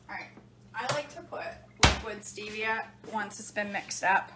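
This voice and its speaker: A woman's voice: mid-range voice, normal speed, noisy background. A middle-aged woman chatting casually in her home kitchen as she makes drinks, laughing often and talking to her live viewers. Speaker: home cooking vlogger. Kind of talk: casual chat while making drinks.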